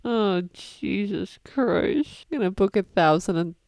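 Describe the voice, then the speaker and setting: A woman's voice: medium pitch, lively intonation, takes it slowly, darkish tone, dry recording, studio quality. A woman hosting a casual reaction video, talking expressively with some swearing and rambling thoughts. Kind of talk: casual emotional reaction commentary.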